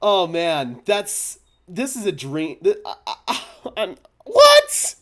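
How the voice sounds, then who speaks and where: A young man hosting a fan live stream, stammering and overwhelmed, swinging from hushed thanks to shouting. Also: high-pitched, animated, slow pace. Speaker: fan channel host.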